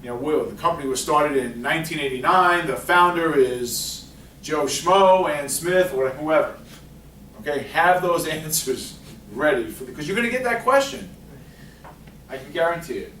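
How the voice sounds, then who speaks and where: A man's voice: on the high side, normal speed. Guy running a job workshop, talks up to the crowd, kinda far off mic, roomy echo with faint hiss. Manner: lively, chatty, asks the audience questions. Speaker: career workshop presenter. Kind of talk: interactive workshop talk. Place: library meeting room. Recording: echoey room, distant mic, faint noise.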